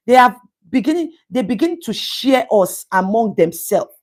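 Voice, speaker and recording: A woman with a Nigerian English accent talks to her live-stream viewers and reads out their comments as she goes. She is emphatic and preachy, and she repeats words to hammer a point home. Her pitch is average for a woman. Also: animated, moderate pace, darkish tone. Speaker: livestream host reading viewer comments. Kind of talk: casual live-stream talk.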